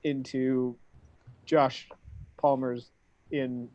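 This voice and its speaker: Man, tabletop player, animated and joking, dry muffled sound. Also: mid-range voice, extremely slow, no room sound. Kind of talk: casual tabletop play.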